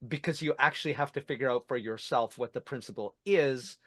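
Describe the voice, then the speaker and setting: A man's voice: medium pitch, brisk, no room sound. A man hosting an interview podcast, talking in a reflective, thinking-aloud way. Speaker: podcast host. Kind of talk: conversational interview.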